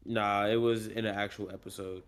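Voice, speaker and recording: A man co-hosting a podcast in casual chat, relaxed and slangy, laughing as he argues. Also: fairly low pitch, fairly quick, clear, resonant tone. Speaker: podcast co-host.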